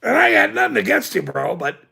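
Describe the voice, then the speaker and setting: A man's voice: extremely high pitch, wildly swooping pitch, fairly quick, gravelly, sharp tone, breathy edge. A middle-aged man hosting a livestream, ranting at his chat in a profane, combative way with frequent laughs. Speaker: livestream host.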